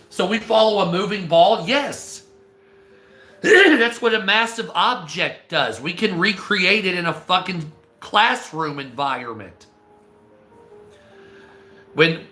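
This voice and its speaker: A man ranting casually on a live stream, swearing often, stammering and clearing his throat. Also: high voice, sharp tone, roomy sound. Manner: profane, exasperated, restarts and stammers.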